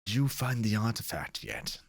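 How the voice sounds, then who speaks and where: A man voicing an emotional, secretive old male crewman who talks in hushed tones. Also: on the low side, wildly swooping pitch, normal speed, creaky, no room sound, studio quality, heavily acted. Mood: earnest. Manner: hushed conspiratorial whispering.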